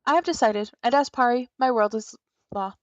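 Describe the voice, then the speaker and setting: A woman's voice: a little high, normal speed, no echo, dull audio, lightly acted. A woman voicing a proud, grandiose female spirit guardian in a video game, speaking in a pompous, theatrical formal manner.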